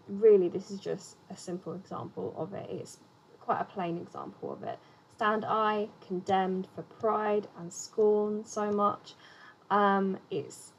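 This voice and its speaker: Brief: young woman teaching, chatty and loose, fillers throughout, middle pitch. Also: gravelly, muffled recording. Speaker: poetry teacher. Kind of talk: casual explainer lesson.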